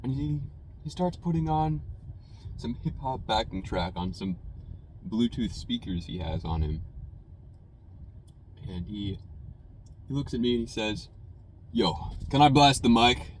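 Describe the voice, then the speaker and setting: A man's voice: fairly low pitch, expressive, a little slow, long pauses, dark tone, a little hiss or hum, rough recording. A young man, a college student, telling a rambling story in a casual, conversational way while sitting in his car. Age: young adult. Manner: rambling, conversational, full of "you know" and "man". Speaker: food reviewer telling a story.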